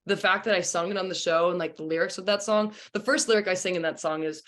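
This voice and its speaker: Low-voiced chatty young woman singer. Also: fairly even intonation, fast, hardly any pauses, fairly bright tone. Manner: chatty with many fillers like 'you know' and 'um'. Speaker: singer and former contestant. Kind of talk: casual interview.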